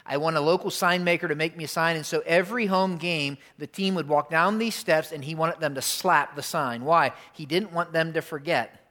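A man's voice: on the high side, normal speed, bright, forceful tone. A pastor preaching a sermon in a church, talking conversationally, repeating his key lines and asking the congregation questions. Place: church auditorium.

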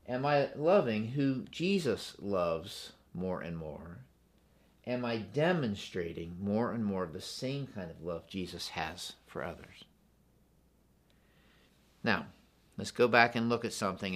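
In a low, animated voice at a measured pace with long pauses, a pastor delivers a church sermon. He's earnest, repeats phrases, and frequently asks the congregation questions.

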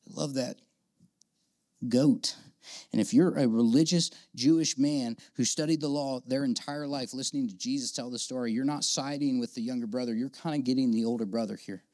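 A man preaching a sermon in a casual, animated way, acting out the voices of the people in the story. His voice sits at an ordinary pitch. The sound is dry and close, with little room echo. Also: moderate pace. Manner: conversational, animated, acts out quoted characters. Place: church auditorium with audience.

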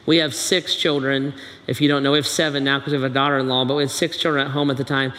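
A man's voice: mid-range voice, level tone, fast talker, bright, forceful tone, long reverb tail. A middle-aged man preaching a sermon, telling stories in a loose conversational way, full of fillers and restarts. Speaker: pastor.

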